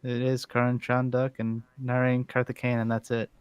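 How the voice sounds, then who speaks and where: A man co-hosting a casual podcast who talks haltingly, with many restarts and fillers. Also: medium pitch, monotone, smooth. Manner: hesitant, restarts, says "like" and "I mean". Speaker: podcast co-host. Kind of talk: casual chat.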